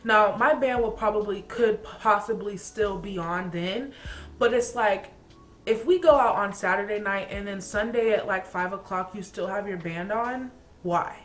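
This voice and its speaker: A young woman from Atlanta chats to her camera in an exasperated, playful rant. Her voice sits at a middle pitch, and she laughs often between complaints. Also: a little slow. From Atlanta, Georgia. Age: young adult. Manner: chatty, exasperated ranting with frequent laughs and "like". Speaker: vlogger. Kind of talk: casual chat.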